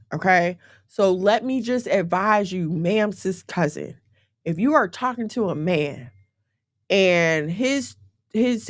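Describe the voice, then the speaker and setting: A woman's voice: mid-range voice, no room sound, studio quality. A woman hosting a casual livestream, giving blunt relationship advice to her viewers and checking in with them as she goes. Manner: emphatic, repeatedly checking in with listeners.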